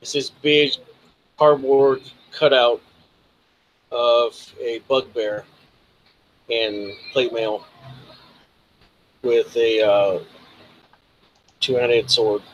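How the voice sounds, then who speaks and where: A man narrating a tabletop game as game master, halting with frequent ums and uhs. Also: medium pitch, steady tone, highs cut off.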